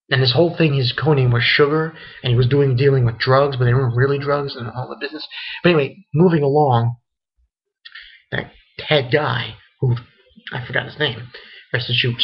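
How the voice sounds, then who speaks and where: An anime reviewer with a husky, mid-range voice gives a casual, rambling recap of an episode. His talk is loose and packed with fillers and plenty of swearing, captured in a dull lo-fi recording.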